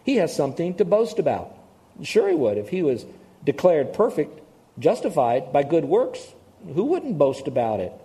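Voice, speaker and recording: Casual: guy preaching a sermon, chatty storyteller, kinda high but mellow voice, keeps asking the crowd stuff. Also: very animated, moderate pace. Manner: conversational storytelling, asks the audience questions. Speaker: pastor.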